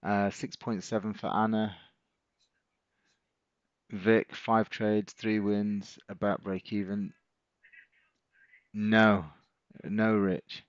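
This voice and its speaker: A man's voice: fairly low pitch, little pitch movement, very slow, long pauses, no echo, highs cut off. A middle-aged man, hosting a live stream as a trading coach, chatting casually and encouraging viewers as he reads out their comments.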